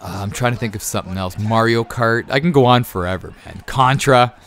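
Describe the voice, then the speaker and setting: A man in his thirties answering viewer questions in a rambling, easily excited way with many fillers. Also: medium pitch, fairly quick. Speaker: YouTube gaming creator. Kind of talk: casual Q&A over gameplay.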